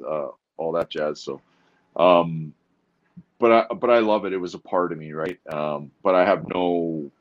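A man from Canada in his forties, a guest telling stories in a relaxed, easygoing way. His voice is very deep, and the sound is dull and muffled, like a remote line. He talks loosely and calls people dude. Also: unhurried. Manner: laid-back, storytelling, says dude. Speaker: guest, former pro hockey player. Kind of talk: casual interview chat.

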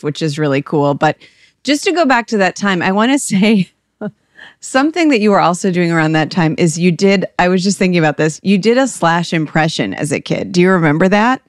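A woman co-hosting a casual chat, talkative and quick to laugh, often breaking off with apologies and asides. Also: on the low side, lively intonation, no echo, clean studio sound. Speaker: podcast co-host.

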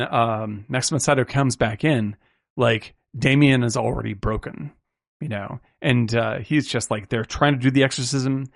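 A man's voice: medium pitch, vocal fry, no echo, studio quality. A man hosting a film podcast, talking casually and at length, full of "like" and "right?" fillers, with casual swearing.

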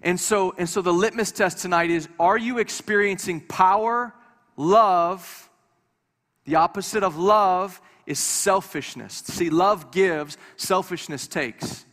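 A pastor with a high, slightly slow and somewhat bright voice speaks to a congregation in a church hall. His sermon is relaxed and lightly funny, with repeated words whenever he restarts, all under a long hall reverb.

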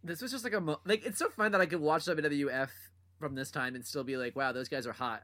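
A podcast co-host in casual chat, lively and laughing, with sassy asides. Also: medium pitch, quick pace. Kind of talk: casual chat recapping wrestling.

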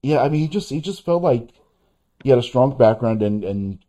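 A man co-hosting a casual film review chat, talking in halting bursts with many restarts. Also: medium pitch, lively intonation, mellow. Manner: halting, many restarts and fillers, laughs as he talks. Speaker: podcast co-host.

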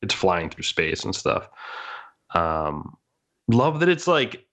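Podcast guy, pretty low voice but bounces up and down a lot, really into it. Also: very animated, slow pace, fairly bright tone. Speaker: podcast co-host. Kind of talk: casual discussion.

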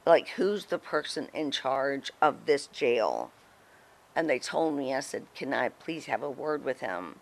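A middle-aged woman telling a story in a casual interview, animated and chatty, acting out what others said. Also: rumbling low, unhurried, creaky. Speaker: guest, former wrestling personality.

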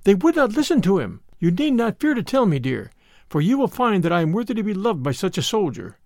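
A man's voice: high voice, very animated, fairly quick, darkish tone, dry recording, clean studio sound. A man voicing a frightened yet brave young noblewoman, pleading and emotional in an audiobook reading.

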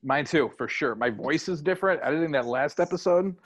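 A man co-hosting a podcast, a gravelly-voiced talker who chats casually and teases his friend in joking banter. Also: a little high, a little fast, lo-fi sound. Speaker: podcast co-host. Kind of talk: casual chat.

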